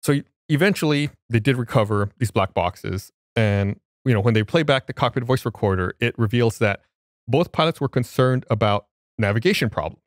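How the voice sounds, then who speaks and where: A man's voice: mid-range voice, animated, normal speed, dry recording. Dry-voiced man explaining on a podcast. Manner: explains step by step, with restarts. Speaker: podcast co-host. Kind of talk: casual explanatory chat.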